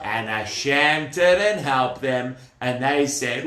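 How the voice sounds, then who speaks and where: A man's voice: mid-range voice, lively intonation, slow, few pauses, fairly bright tone. A man telling a Bible story to children in a chatty way, asking them questions, in a room with children listening. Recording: roomy echoey room.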